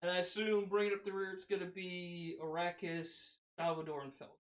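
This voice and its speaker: A man's voice: high voice, level tone, fairly quick, reverberant, low-quality recording. Easygoing male game master. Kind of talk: running a tabletop game over a call.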